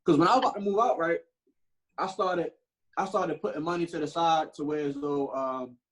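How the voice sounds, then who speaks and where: A man's voice: a little high, brisk, poor audio. A young man co-hosting a podcast, telling stories in casual chat, full of slang and cursing. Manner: animated storytelling with slang and profanity. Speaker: podcast co-host.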